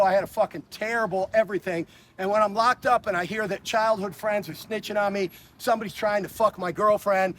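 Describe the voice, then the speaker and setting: A man's voice: high-pitched, a little hiss or hum. A man, telling stories in a casual interview, blunt and profane, often stammering and restarting his sentences. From Chicago. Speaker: interview guest.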